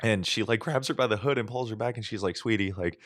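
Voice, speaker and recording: A lower-pitched man co-hosting a podcast, spinning a loose, animated anecdote full of swearing and acted-out bits. The sound is dry and close, with no room around it. He talks in a relaxed, chatty way. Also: fast talker, no echo. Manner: animated, profane, acts out voices in stories. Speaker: podcast co-host. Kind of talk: casual storytelling chat.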